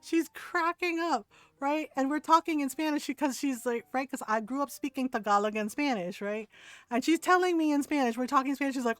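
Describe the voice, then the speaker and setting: A woman streamer casually telling a long family story, animated and full of "like" and "right?". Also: sits high, brisk, no room sound. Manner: animated, many fillers like "right?". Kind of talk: casual storytelling while gaming.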